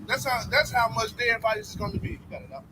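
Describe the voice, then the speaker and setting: A man reading scripture aloud slowly and deliberately, with hesitations, then preaching on it. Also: very high-pitched, expressive, pushed and bright, a little hiss or hum, rough recording. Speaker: scripture reader.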